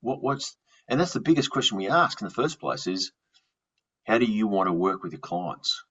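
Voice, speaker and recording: Husky Australian man, low voice. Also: fairly bright tone. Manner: chatty, laughs easily, restarts words. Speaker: podcast host. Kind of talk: casual interview chat. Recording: dull lo-fi sound.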